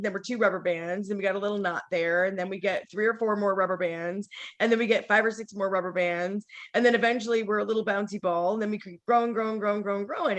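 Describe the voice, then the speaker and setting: Over a video call, a woman leads a casual team training session, chatty and encouraging, occasionally acting out sample conversations in this motivational talk. Her voice is mid-range with a fairly bright tone.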